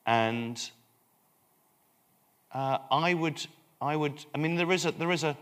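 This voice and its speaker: An English man, a priest speaking as the guest at a live public conversation, animated and full of halting restarts. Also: medium pitch. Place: London event hall.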